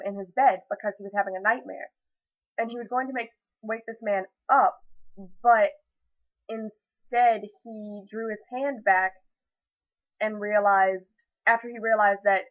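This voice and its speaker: Emotional young woman vlogging, tinny audio. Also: medium pitch. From United States. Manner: emotional, rambling, many fillers and restarts. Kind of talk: casual reflective vlog. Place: at home, indoors.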